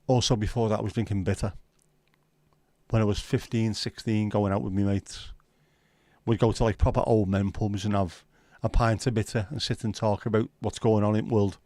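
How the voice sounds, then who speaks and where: A man's voice: fairly low pitch, steady tone, normal speed, darkish tone, dry recording. A middle-aged man, hosting a casual home livestream, chatting and reading out viewer comments with a sweary, easygoing manner. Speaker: livestream host. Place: at home, window nearby.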